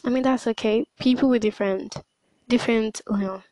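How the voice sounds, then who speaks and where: Hesitant woman with a high-pitched voice. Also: steady tone, fairly quick, warm tone, no room sound, rough recording. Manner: hesitant, many fillers and restarts. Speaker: podcast host. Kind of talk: casual spoken monologue.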